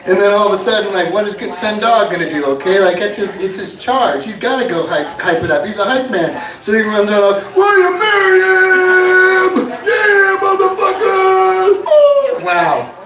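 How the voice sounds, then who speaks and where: A man doing a stand-up comedy set, dry one-liners broken up by loud shouted bits, at an inn bar. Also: sits high, brisk, hardly any pauses, a crowd in the background. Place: inn bar with live audience. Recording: echoey bar room from far off.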